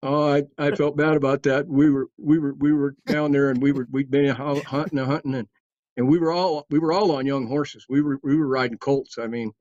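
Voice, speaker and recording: A man's voice: mid-range voice, fairly even intonation, brisk, a little mellow, no room sound. A man telling hunting stories in a rambling, casual way, chuckling as he goes. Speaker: guest storyteller. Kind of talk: casual storytelling. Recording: dull, dry sound.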